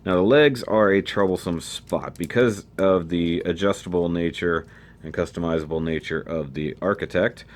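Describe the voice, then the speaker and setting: A man with a very low voice gives a relaxed, chatty review of a model kit. He thinks aloud while turning the pieces over. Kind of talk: casual product review.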